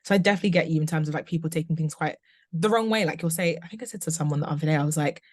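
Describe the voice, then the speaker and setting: A woman's voice: deep voice, very fast, darkish tone, no echo, clean studio sound. A woman in her twenties, a podcast guest, talking casually and candidly in long runs full of "like". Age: 20s. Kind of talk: casual conversation.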